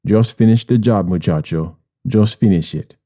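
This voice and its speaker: A man's voice: lowish voice, normal speed, warm tone, natural voice. A man voicing a sly male drug middleman, taunting and dropping in Spanish words, in an audiobook. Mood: cold. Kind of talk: audiobook character voice.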